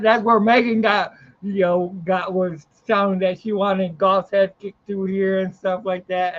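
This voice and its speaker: Host type, excitable man with a high voice, slow delivery, laughs a lot, lo-fi call sound. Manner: excitable, laughs often, stumbles and repeats words. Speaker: podcast host. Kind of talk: casual live chat stream.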